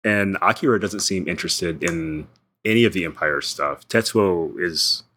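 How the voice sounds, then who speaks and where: Male co-host, very deep voice, measured and reflective. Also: bright, forceful tone, a little hiss or hum. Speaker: podcast co-host. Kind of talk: casual chat about comics.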